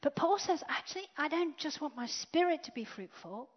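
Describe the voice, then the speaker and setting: A woman preaching a sermon, swinging from loud declarations to hushed whispers. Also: high voice, expressive, moderate pace. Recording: dull lo-fi sound.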